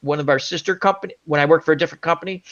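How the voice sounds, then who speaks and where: Male host, animated rambling storyteller, higher register, muffled recording. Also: rapid-fire. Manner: rambling, animated anecdote with many asides. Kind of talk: casual chat storytelling. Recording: dull lo-fi audio.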